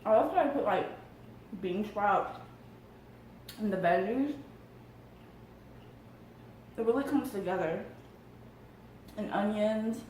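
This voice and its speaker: A woman's voice: mid-range voice, lively intonation, slow, pauses often, darkish tone, far from the mic, a little hiss or hum. A woman hosting a casual mukbang eating vlog, murmuring over her food and giggling often. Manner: upbeat, murmurs between bites, giggly. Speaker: mukbang vlogger. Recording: very echoey room.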